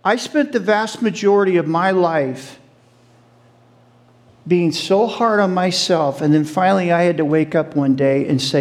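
Animated man preaching a sermon. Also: sits high, measured pace. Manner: animated, questions the audience, laughs along.

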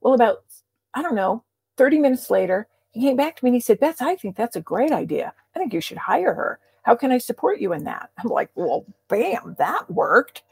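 A middle-aged woman coach talks in a lively, animated way in a casual interview and acts out the lines of the people in her stories. Her voice is husky with a gravelly fry. It is recorded dry, with no room sound. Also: fairly high pitch, normal speed, no room sound. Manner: animated storyteller acting out quoted dialogue. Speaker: transformation coach guest.

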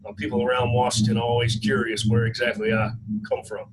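A man with a Kentucky twang talks as a podcast guest. He explains policy in a plainspoken, measured way. A faint hiss sits under his voice. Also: medium pitch, little pitch movement. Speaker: guest economist. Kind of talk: podcast interview.

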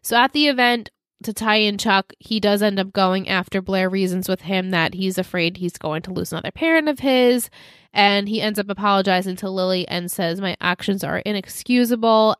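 A woman's voice: medium pitch, brisk, no echo. Chatty woman recapping scenes, dry sound. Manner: recaps scenes briefly acting out characters' lines. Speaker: podcast co-host. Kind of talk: casual recap chat.

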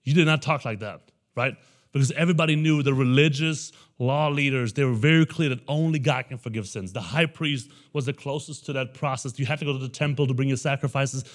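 A young adult man preaching a conversational sermon as pastor. He keeps checking in with the room by asking "right?" and acts out characters in quick, lively asides. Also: mid-range voice.

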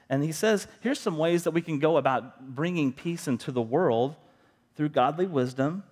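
A man's voice: on the high side, expressive, normal speed, a little mellow. A middle-aged man preaching a sermon as a pastor, talking to the congregation in an earnest, conversational way and asking rhetorical questions.

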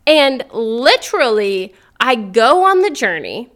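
A young woman hosting a faith podcast, talking earnestly and excitedly, often laughing and rising into eager exclamations. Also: a little high, slow. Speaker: podcast host. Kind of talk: encouraging faith talk.

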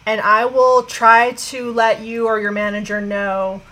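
A woman's voice: fairly high pitch, level tone, measured pace, low-quality recording. A woman co-hosting a podcast, wrapping up the interview in a friendly way and reading the outro. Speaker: podcast co-host. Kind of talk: casual interview and outro read. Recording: loud music behind voice. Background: music.

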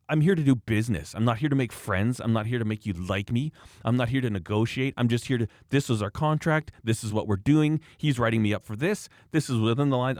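A man's voice: mid-range voice, a little mellow, dry recording, clean studio sound. A man hosting a casual podcast chat, telling work stories in a blunt, emphatic way. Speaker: podcast host, former project manager.

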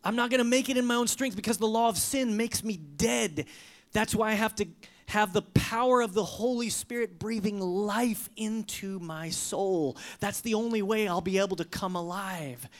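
A pastor preaching a sermon with emphatic delivery, swinging from loud, high bursts to hushed, almost whispered lines. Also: normal speed.

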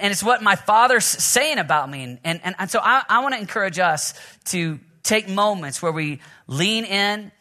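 Man, thirties, pastor, sermon, slightly high voice, energetic, quick. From Oklahoma. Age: 30s. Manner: energetic, fast, self-interrupting with restarts and laughs.

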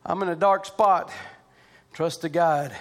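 A man preaching a sermon, dropping low and hushed and then climbing into loud, shouted preaching cadences. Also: a little slow.

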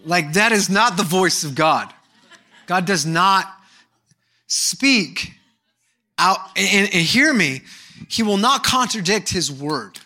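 A man in his thirties preaching a sermon as a pastor, telling animated stories and moving between hushed and emphatic delivery. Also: high-pitched, slow, long pauses. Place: church service.

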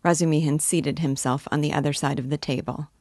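A woman reading a classic novel aloud in steady, clear narration, guiding listeners through the book. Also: sits low, brisk, no room sound, clean studio sound. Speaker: audiobook reader and literature guide.

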